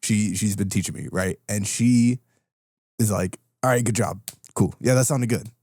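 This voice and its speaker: Low-voiced man ranting on a podcast. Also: moderate pace, no room sound, studio quality. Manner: animated, swearing, ranting with a laugh. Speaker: podcast co-host. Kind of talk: casual podcast chat.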